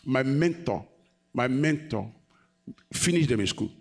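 A man's voice: medium pitch, expressive, measured pace. A man preaching a sermon, questioning the congregation and rising to emphatic peaks. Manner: call-and-response, questioning the congregation.

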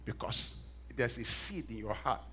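A middle-aged man preaching a sermon, telling stories with self-mocking laughs and swinging from hushed asides to loud emphatic bursts. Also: medium pitch, expressive, measured pace, a little hiss or hum. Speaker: pastor.

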